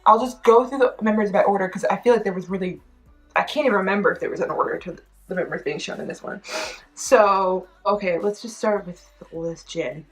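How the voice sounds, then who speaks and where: A woman doing a reaction vlog, excitable and quick to shriek, swearing freely and rambling with lots of fillers. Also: mid-range voice, soft background music, low-quality recording. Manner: rambling, filler-heavy storytelling. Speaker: YouTube reaction vlogger. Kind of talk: reaction commentary.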